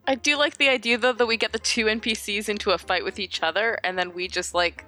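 A woman playing a tabletop game, asking quick questions. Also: medium pitch, fairly even intonation, sharp tone, faint music behind. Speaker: player. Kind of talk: casual tabletop play.

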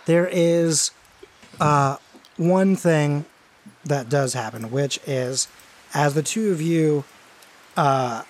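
A man narrating as game master of a tabletop game, casual and halting with many fillers. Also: medium pitch, a little hiss or hum.

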